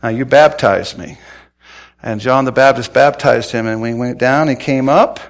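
Male pastor mid-sermon, animated folksy storyteller, hushed to shouting. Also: medium pitch, moderate pace. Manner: folksy, conversational asides.

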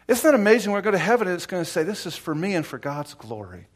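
A middle-aged male pastor preaching a sermon in a folksy, personal way, swinging from hushed whispers to loud, emphatic exclamations. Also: on the high side, sing-song, very fast. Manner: folksy, personal storytelling with laughter.

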